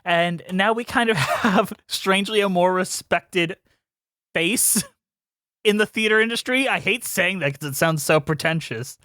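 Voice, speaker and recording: A man's voice: high voice, a little slow, pushed and bright, dry recording, studio quality. A man hosting a casual podcast chat, playful and rambling, laughing often. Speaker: podcast host.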